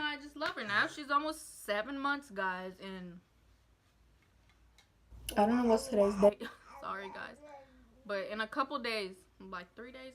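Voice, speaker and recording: A woman's voice: medium pitch, background noise. A young woman, a new mother, telling a casual, heartfelt story time to her viewers and rambling with lots of fillers. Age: young adult.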